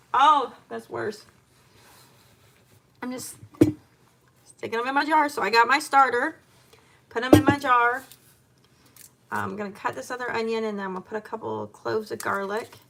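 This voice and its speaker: A homemaker vlogger chats and rambles casually in her home kitchen while she chops and cooks. Her voice sits on the high side, gravelly yet fairly bright, with a slight hiss or hum in the recording.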